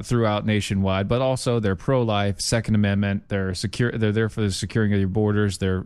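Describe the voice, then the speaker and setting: A man's voice: lowish voice, smooth, no echo, clean studio sound. A man co-hosting a casual political talk show who cracks jokes. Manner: joking, wisecracking. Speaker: co-host.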